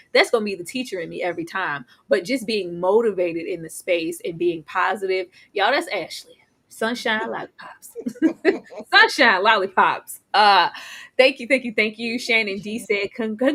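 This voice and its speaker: A woman chats casually on a livestream, thanking viewers one by one. Her voice is bright and forward, her manner playful and animated, and she breaks into laughter and teasing asides as she goes. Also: medium pitch. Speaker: co-host of an anniversary livestream. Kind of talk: casual livestream chat, reading out super chats.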